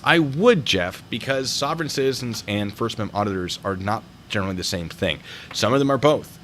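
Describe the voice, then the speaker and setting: Chatty man with a lively, bright voice. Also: lowish voice, a little hiss or hum. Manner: rambling, jokey, wanders off into tangents. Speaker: host reviewing traffic stop videos. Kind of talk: casual video commentary.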